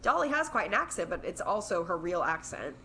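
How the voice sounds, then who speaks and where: A woman's voice: lowish voice, sing-song, brisk, bright, forceful tone, low-quality recording. A young woman co-hosting a podcast, chatting casually with many "like" and "um" fillers. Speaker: podcast co-host. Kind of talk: casual chat.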